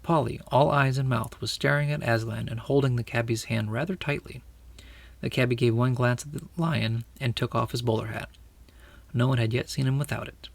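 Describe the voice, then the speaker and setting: A man narrating a storybook aloud with steady, expressive storytelling. His voice is gravelly and sits at a middling pitch. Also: brisk, no echo. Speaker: audiobook reader.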